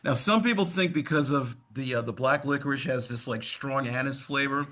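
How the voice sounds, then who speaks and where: A man's voice: mid-range voice, brisk, sharp tone. A man, co-hosting a podcast in laid-back casual chat, often calling others "man". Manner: laid-back, calls people man, storyteller. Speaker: podcast co-host.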